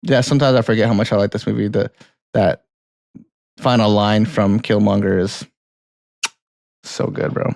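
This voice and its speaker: A man co-hosting a film podcast, chatting casually in a relaxed, rambling way with frequent laughs. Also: lowish voice, moderate pace, gravelly, pauses often, dry recording, studio quality. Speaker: podcast co-host. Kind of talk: casual chat.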